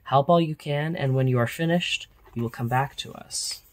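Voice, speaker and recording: A solemn, gentle old high priest offering a measured farewell, read by a storyteller in a near-natural voice. Calm and unhurried. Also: male voice, lightly acted.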